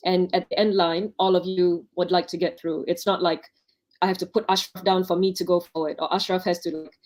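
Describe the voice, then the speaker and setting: Woman doc giving advice on a panel, lowish voice, tells stories and does little bits of dialogue. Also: level tone, brisk, darkish tone. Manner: chatty, anecdotal, acts out quoted speech. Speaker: doctor, panel speaker. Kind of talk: advice talk to new doctors. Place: online panel.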